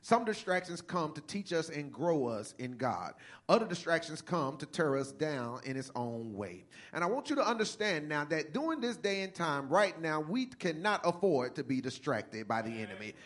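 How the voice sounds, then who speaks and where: A man preaching a sermon, reading scripture slowly and then building to a fervent, rising cadence with repeated phrases. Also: a little high, very animated, fairly bright tone.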